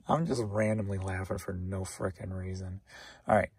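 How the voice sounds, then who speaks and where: A man's voice: low voice, a little mellow, husky, dry recording. A tired man rambling through a casual solo vlog about his sales, teasing himself and laughing to himself. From St. Louis, Missouri. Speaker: reseller vlogger.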